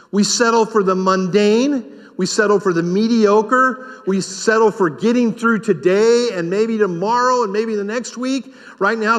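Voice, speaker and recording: A man preaching a sermon as pastor, emphatic and repeating key phrases for stress. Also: high-pitched. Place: church sanctuary. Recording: long reverb of a church hall.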